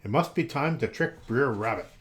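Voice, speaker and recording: A man putting on a big, dim, greedy bear from a storybook who talks slowly and draws out his words. The voice is a lively read-aloud, with plenty of swing in its pitch. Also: close to an everyday voice. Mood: grumbling. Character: big slow-witted greedy male bear.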